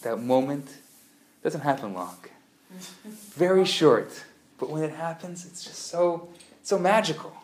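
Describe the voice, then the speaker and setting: Brief: male lecturer, somewhat high voice, lively storytelling, roomy classroom echo. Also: unhurried, long pauses. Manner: animated, playful storyteller who acts out dialogue. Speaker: teacher of a Kabbalah class. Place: classroom at a community center. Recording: roomy live room sound.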